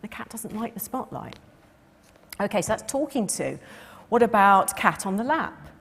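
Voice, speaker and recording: A middle-aged woman giving a lecture in a lively, expressive way, now and then acting out the voices of a cat and its owner. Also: mid-range voice, normal speed, creaky, slight background noise. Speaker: cat behaviour speaker. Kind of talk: lecture talk. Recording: long reverb of a lecture hall.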